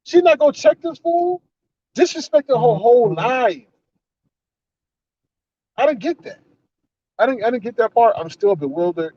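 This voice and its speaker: A man's voice: fairly high pitch, mellow. A man giving an indignant, profane, repetitive rant in a commentary vlog. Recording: slightly dull, dry recording.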